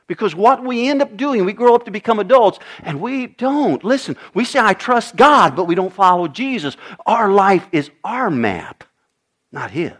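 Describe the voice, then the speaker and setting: A man's voice: high-pitched, very animated, unhurried, a bit bright. An older man preaching a sermon to his congregation, emphatic and repetitive, often asking his listeners questions. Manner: emphatic, repeats phrases, asks the congregation questions. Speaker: pastor.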